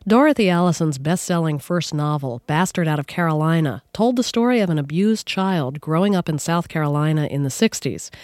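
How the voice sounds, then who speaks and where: Measured radio host woman, dry studio. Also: low-pitched, a little mellow, no room sound. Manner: measured and composed, hesitant when asking questions. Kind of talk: scripted radio introduction and interview. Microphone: studio microphone.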